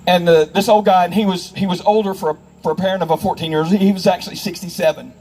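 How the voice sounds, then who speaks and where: High-voiced man telling stories to a crowd. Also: steady tone, quick pace, a little mellow, a little hiss or hum, low-quality recording. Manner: emphatic, anecdotal, acts out quoted people. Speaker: federal investigator speaking on child safety. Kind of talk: storytelling speech to a live audience.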